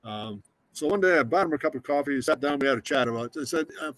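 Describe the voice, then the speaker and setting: An older man from Scotland giving an emotional, earnest inspirational talk as a guest speaker, slowing down for emphasis. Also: medium pitch, expressive, low-quality recording. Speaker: guest speaker, automotive designer.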